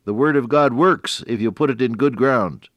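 A man's voice: medium pitch, moderate pace, a bit bright, no room sound, muffled recording. An older man giving a radio devotional sermon, earnest, quoting scripture in old wording and swelling on key phrases. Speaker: radio preacher.

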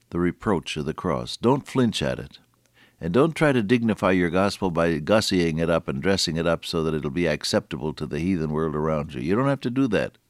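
Man preaching, very deep voice, earnest, stresses key words, dry close sound. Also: no echo. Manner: earnest, rising and falling emphasis, slowing on key words. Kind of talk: sermon.

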